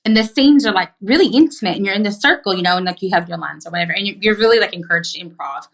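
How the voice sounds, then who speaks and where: A middle-aged woman from Arkansas with a Southern accent, a podcast guest telling stories in emphatic, animated casual chat with plenty of swearing. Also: medium pitch, racing, gravelly.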